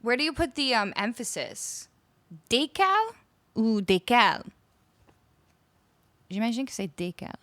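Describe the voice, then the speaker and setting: A woman's voice: fairly high pitch, expressive, a little fast, hardly any pauses, fairly bright tone. A woman from Canada, streaming and chatting casually with her live viewers, laughing often as she muses over how words are said. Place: home streaming room. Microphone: studio microphone up close.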